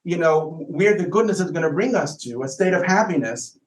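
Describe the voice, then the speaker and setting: A man's voice: fairly high pitch, animated, brisk. A rabbi talking with a podcast host, explaining ideas thoughtfully and often repeating words as he searches for the right phrasing. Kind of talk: casual explanatory conversation. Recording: echoey room.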